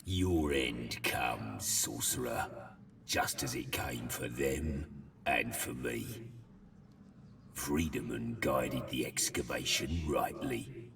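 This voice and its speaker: A bitter magister threatens with slow, dragging words. His voice sits extremely low and grinds with gravel. It comes from afar in a long-reverb space with game music underneath. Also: a bit bright, recorded from a distance, exaggerated voice. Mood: menacing. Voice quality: deep gravelly slow menace. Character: menacing dying male magister, bitter and fanatical. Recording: echoey game audio with music.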